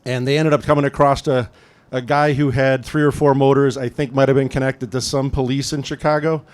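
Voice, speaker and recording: A man's voice: mid-range voice, level tone, a little fast. A man from the American Midwest giving a casual storytelling talk at a car event, conversational with frequent "um" fillers. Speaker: guest speaker at a car event.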